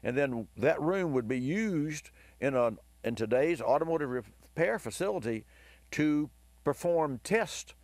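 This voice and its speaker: A hoarse man hosting a car advice radio show, telling a long rambling story with enthusiasm. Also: fairly high pitch, animated, unhurried, a little mellow, no room sound. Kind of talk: talk radio monologue.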